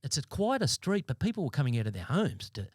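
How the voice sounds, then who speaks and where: An Australian man in his fifties, a former police sergeant, telling his story as a podcast guest in a blunt, halting way with many restarts. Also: on the high side, big pitch swings, a little mellow, no room sound, studio quality. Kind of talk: interview storytelling. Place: podcast studio.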